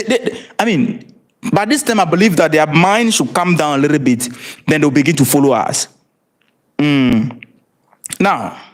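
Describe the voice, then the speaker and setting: A high-pitched man with a Ghanaian accent talks through the news on a livestream. His voice swings widely as he presses rhetorical questions on his viewers and asks them to comment. He often restarts and repeats words and laughs between points. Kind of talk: live-streamed political commentary.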